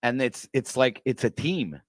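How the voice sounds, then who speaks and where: A man's voice: mid-range voice, sing-song, unhurried, dry recording. A man guesting on a livestream panel in casual chat, talking in a rambling way, repeating words and restarting with "uh" and "it's like". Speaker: panel guest, fellow streamer.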